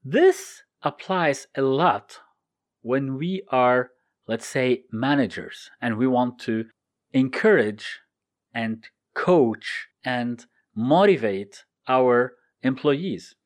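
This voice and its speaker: A man's voice: mid-range voice, very slow. A man giving a motivational talk, explaining things step by step and repeating his key points. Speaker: motivational speaker.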